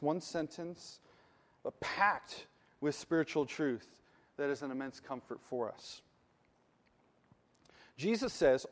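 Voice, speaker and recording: Pastor guy preaching, kinda high voice, earnest, leans on the big lines, echo from a big church room. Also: a little mellow. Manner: earnest, emphatic, slows for key phrases. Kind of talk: sermon.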